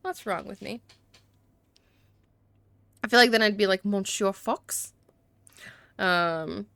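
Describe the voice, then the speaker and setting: A woman's voice: medium pitch, gravelly, pushed and bright, smooth, no room sound. A woman streamer in casual game commentary, chatty and self-deprecating, talking to her chat on a close mic.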